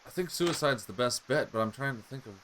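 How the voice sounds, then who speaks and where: A man's voice: mid-range voice, expressive, brisk, a bit bright, a little hiss or hum. A man giving casual, joking commentary as he plays a game, thinking aloud as he goes. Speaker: gameplay video host.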